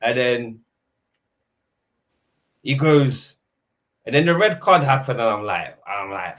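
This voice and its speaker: Slangy man in animated football chat. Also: mid-range voice, measured pace, pauses often. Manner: animated, slangy, acts out his own reactions. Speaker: podcast panelist.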